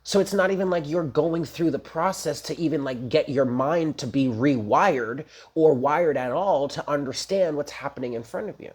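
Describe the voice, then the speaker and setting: Husky-voiced chatty tarot reader. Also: medium pitch, normal speed, few pauses, darkish tone. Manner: chatty, emphatic, blunt with casual swearing; talks straight to viewers. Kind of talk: casual daily tarot reading.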